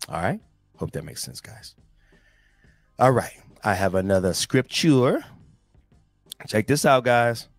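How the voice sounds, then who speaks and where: A man's voice: medium pitch, sing-song, slow, pauses often, no room sound, soft background music. A man hosting a casual motivational talk, reading scripture and speaking to listeners in slangy, emphatic bursts. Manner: slangy, emphatic, addresses listeners directly as guys. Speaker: motivational host.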